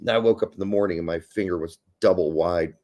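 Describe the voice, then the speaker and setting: A man co-hosting a casual podcast, ranting in a crude, animated way and swearing freely. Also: deep voice, quick pace. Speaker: podcast co-host.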